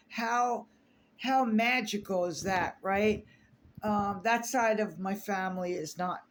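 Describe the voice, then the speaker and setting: A woman telling a personal story on her vlog, holding back tears, halting with many fillers and restarts. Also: mid-range voice. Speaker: artist sharing a personal story.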